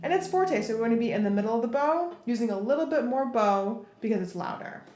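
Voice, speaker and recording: A woman's voice: on the high side, animated, quick pace. A woman teaching a viola lesson, talking through bowing step by step between played passages. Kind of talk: instrument tutorial. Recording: echoey room with loud viola playing.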